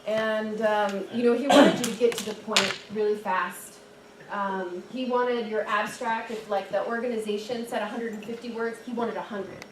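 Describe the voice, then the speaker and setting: A young woman giving a chatty, animated storytelling talk at a dinner event, full of "like"s and restarts. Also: a little high. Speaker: guest speaker and storyteller. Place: dinner event room, indoors. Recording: echoey room, distant mic, background noise.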